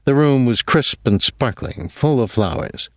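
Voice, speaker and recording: A man narrating an audiobook in a measured, even way. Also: mid-range voice, dry recording, studio quality.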